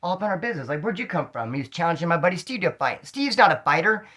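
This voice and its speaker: A man telling stories from his own street life in casual slang, animated and acting out the dialogue. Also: high voice, very fast. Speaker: storyteller recounting street life. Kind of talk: casual storytelling monologue.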